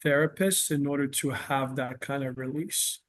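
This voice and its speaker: A man's voice: medium pitch, normal speed, a bit bright. A man working as a therapist, talking in a casual interview and explaining earnestly with patient examples.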